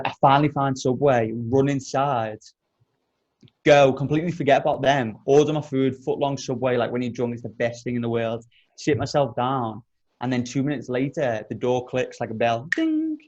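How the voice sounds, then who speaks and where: The audio is dull, but the young podcast host comes through as animated, spinning a story in relaxed chat and cursing a lot. His voice sits in the mid-range and moves at a moderate pace.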